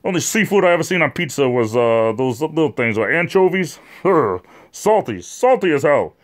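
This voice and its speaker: A man's voice: fairly high pitch, very animated, moderate pace. Rambling man chatting on a livestream. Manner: rambling, chatty, talks to viewers in the chat by name; frequent fillers and repeated words. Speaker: livestream host. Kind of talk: casual livestream chat.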